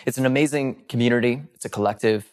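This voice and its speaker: A middle-aged man co-hosts a podcast and talks in a casual, chatty way. He explains things eagerly, and his words tumble out quickly when he gets excited. His voice sits at an ordinary middle pitch for a man. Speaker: podcast co-host. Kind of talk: casual chat.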